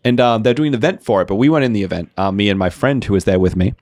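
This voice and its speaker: A young man co-hosting a podcast, telling stories in a casual, animated way and acting out the people in them. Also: lowish voice, racing, no echo, studio quality. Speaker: podcast co-host. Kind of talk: casual storytelling chat.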